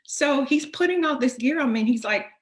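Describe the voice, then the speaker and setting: A woman hosting a talk, telling a personal story in an animated, emphatic way. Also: high-pitched, a little fast. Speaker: host. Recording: roomy echo.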